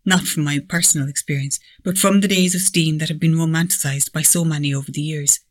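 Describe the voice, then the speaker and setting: A man with a slightly high voice reads a memoir aloud in a steady, measured way. The sound is dry and close, with no room around it. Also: no echo. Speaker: reader of a submitted manuscript. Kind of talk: read-aloud memoir narration.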